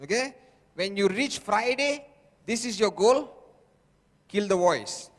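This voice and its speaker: Casting: emphatic sales trainer, man with a high voice, long hall echo. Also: animated, slow. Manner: emphatic, repetitive, constant "okay?" checks with audience. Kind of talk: motivational seminar talk. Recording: echoey hall.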